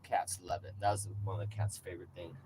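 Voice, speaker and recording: A man vlogging casually while caring for his cat, rambling and swearing freely, then easing into soft, coaxing talk for the pet. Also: sits low, steady tone, fast, heavy background noise.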